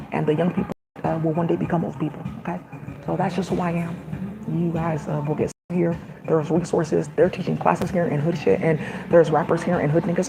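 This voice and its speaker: A woman's voice: deep voice, creaky. A woman vlogger in a casual, meandering monologue, full of fillers and sudden asides. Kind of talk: casual rambling monologue to camera. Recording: noisy background ambience.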